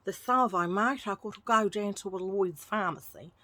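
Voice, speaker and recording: A woman's voice: mid-range voice, normal speed, sharp tone, a little hiss or hum, close to an everyday voice. A woman doing a hammy Aussie bloke voice. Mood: jokey. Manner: exaggerated, self-mocking put-on accent. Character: joking fake Australian bloke, matey and broad.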